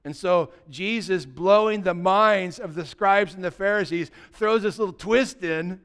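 A man, a pastor preaching a sermon and telling stories, swinging from loud passages to hushed ones. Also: sits high, measured pace, clean tone. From United States.

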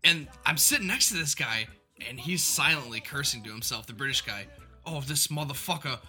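A man's voice: medium pitch, animated, brisk, bright, forceful tone, faint music behind. A man on a podcast telling a story in casual, profane chat. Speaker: podcast co-host.

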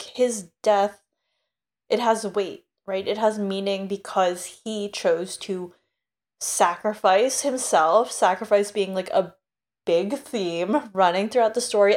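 A woman's voice: medium pitch, darkish tone. A woman co-hosting a casual book podcast, talking in a loose, filler-heavy way. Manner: chatty, filler-heavy, laughs along. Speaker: podcast co-host.

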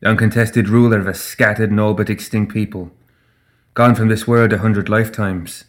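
A commanding ancient fae queen, as a man reads her in an audiobook. The voice sits low and measured, grave and regal, and she turns sharp when crossed. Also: fairly even intonation, lightly acted.

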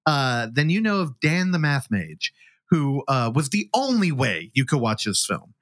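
A man's voice: mid-range voice, big pitch swings, unhurried, fairly bright tone, no room sound. A man hosting a film podcast, casually recapping a movie's plot with joking asides. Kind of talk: casual film review chat.

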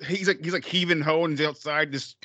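A man co-hosting a podcast, chatting casually about a film, swearing freely and acting out scenes in loud, high voices. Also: steady tone, brisk, no room sound. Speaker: podcast co-host. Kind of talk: casual film-review chat.

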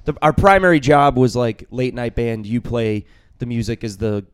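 A man's voice: mid-range voice, moderate pace, smooth. A man co-hosting a comedy podcast, rambling through a story with lots of fillers and casual swearing. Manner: rambling, many fillers and curses. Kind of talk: casual chat.

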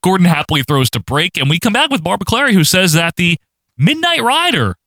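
A man's voice: sits high, sing-song, fairly quick, pushed and bright, no room sound. A man co-hosting a casual podcast, recapping old wrestling footage and laughing often. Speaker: podcast co-host.

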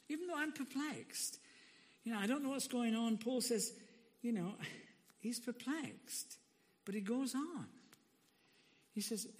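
A man preaching a sermon in a church, emphatic and animated, often breaking into laughs. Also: high voice, a little slow, pauses often. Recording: long reverb of a large hall.

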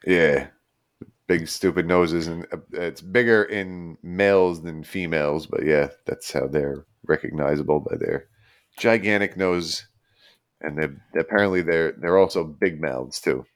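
A man's voice: a bass voice, a little slow. A man co-hosting a casual podcast, explaining animal facts in a laid-back, loose way. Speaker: podcast co-host. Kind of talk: casual chat.

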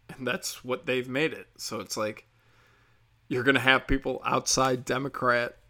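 A man's voice: mid-range voice, bright, forceful tone. A young man ranting bluntly and sarcastically, swearing often in casual talk. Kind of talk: casual political rant.

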